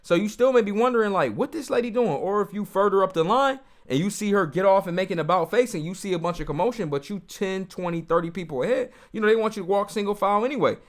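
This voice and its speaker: A man's voice: high voice, fast, few pauses. A man giving casual, heated commentary on a video and talking straight to his viewers. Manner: animated, talks straight to viewers, heated and mocking.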